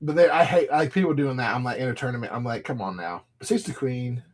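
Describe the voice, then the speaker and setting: A man's voice: medium pitch, fast. A man casually chatting on a live stream, reading off cards as he opens packs and telling stories to viewers. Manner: chatty, rambling, greets viewers by name while reading cards. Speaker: live stream seller opening card packs.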